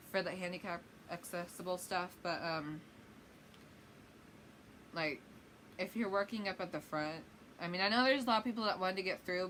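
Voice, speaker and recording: A woman's voice: lowish voice, pushed and bright, slight background noise. A woman vlogger telling a rambling, chatty story-time tale.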